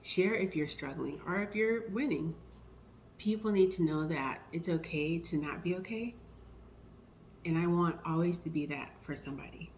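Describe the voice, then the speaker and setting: Woman, low voice, personal faith vlog, storytelling, animated quotes, faint background noise. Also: moderate pace, low-quality recording. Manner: warm storytelling, animated when quoting herself. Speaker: vlogger.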